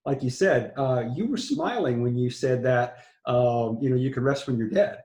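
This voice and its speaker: A man's voice: medium pitch, normal speed, a little mellow, echoey room. A man from Texas, interviewing an author in an enthusiastic, rambling conversational way. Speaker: interviewer, publisher.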